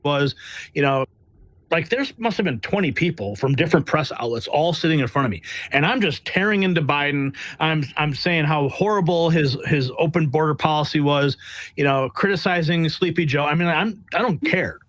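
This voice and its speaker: A man working as a press correspondent, telling stories in a blunt, animated way during a casual interview. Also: a little high, normal speed. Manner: blunt, animated, acts out quotes. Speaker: White House press correspondent.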